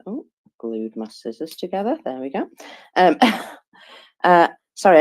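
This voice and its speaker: Chatty English woman with lively low voice. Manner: chatty, self-deprecating, laughs between figures. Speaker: co-host reading daily figures. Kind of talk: casual chat. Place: online audio space.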